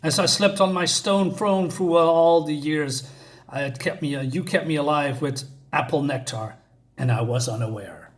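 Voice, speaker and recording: A stern, no-nonsense thunder god, read out by a man. The voice is an ordinary, slightly high one. The lines are read plainly, with small slips here and there. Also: moderate pace, natural voice.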